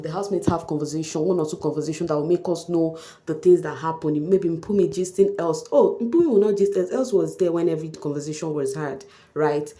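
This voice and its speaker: A woman talks in a loose, chatty gossip style, often breaking into exclamations. Her voice sits low and sounds mellow rather than bright. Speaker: vlogger recapping a reality show. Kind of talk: casual gossip commentary.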